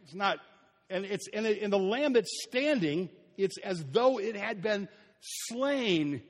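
A high-voiced man preaches a sermon in a church. He is animated, acting out the story and sometimes falling almost silent. His voice rings with long reverb through a large hall. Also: unhurried. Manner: animated preaching, acting out scenes and dropping to a near whisper. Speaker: pastor.

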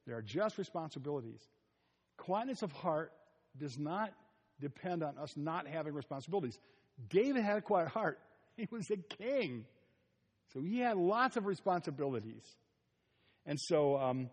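A middle-aged man preaching a sermon, telling stories with asides and soft chuckles. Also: on the high side, husky. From Ohio. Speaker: pastor. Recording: long reverb of a large hall.

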